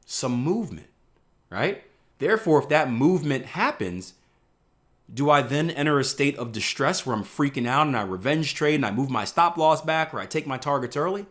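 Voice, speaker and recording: A man's voice: medium pitch, animated, normal speed, a bit bright. A man from the Northeast US teaching a live online trading class in a conversational way, often checking in with "right?" and acting out panicked traders. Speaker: trading instructor.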